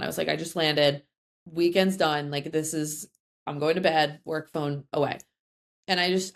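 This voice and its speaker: Young woman, college coach, casual interview chat, lowish voice, rambling with fillers. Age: young adult. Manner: chatty, many fillers and restarts. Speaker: head field hockey coach.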